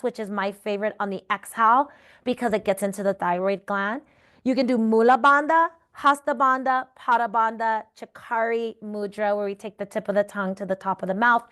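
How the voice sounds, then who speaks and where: A woman yoga therapy instructor guiding breathing exercises in a calm, encouraging way, often checking in with the listener. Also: medium pitch, clear, resonant tone.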